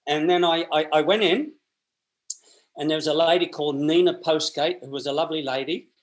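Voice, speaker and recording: Here the Australian man talks a little fast in a fairly high pitch, telling casual stories as a podcast guest. He acts out voices and restarts often.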